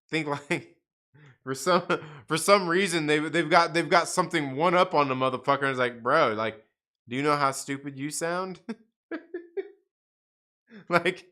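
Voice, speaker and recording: Bright-voiced profane livestream ranter. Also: male voice, fairly high pitch. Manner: profane, laughing, repetitive ranting. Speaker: livestream host. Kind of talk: casual livestream chat reacting to viewers.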